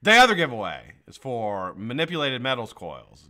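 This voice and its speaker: A man's voice: mid-range voice, huge pitch swings, normal speed, few pauses, bright, forceful tone. A man hosting a casual live stream. He chats loosely, swears a lot and laughs often. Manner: profane, joking, laughs often. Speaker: livestream host.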